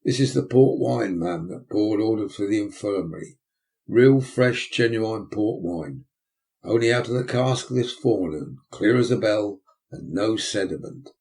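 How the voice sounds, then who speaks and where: A man's voice: on the low side, lively intonation, a little slow, creaky, darkish tone. A man voicing a pompous, self-important male parish beadle, blustering and indignant.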